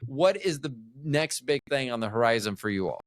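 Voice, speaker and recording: A man's voice: medium pitch, very animated, moderate pace, no room sound. A middle-aged American man hosting a casual interview, thinking aloud and rambling with frequent restarts. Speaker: podcast host.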